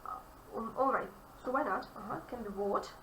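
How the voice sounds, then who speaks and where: A woman with a Russian accent teaches English grammar in a bright, forceful voice that runs a little high. She leans on key phrases and repeats them for emphasis. The sound is roomy and echoey, picked up from a distance with faint noise. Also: normal speed. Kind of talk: online grammar lesson.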